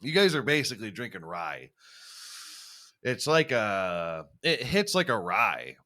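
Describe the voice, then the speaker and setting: A man's voice: fairly low pitch, very animated, unhurried, bright, forceful tone. A young man hosting a podcast, rambling and swearing freely, often laughing at himself. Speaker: podcast host. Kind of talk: casual chat.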